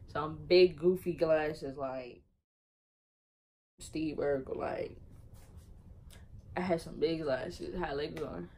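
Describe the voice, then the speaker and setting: Lively young woman telling a storytime. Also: rough recording. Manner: animated, swings loud and high into laughter and mock voices; casual slangy storytelling. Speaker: vlogger. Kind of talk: casual storytime.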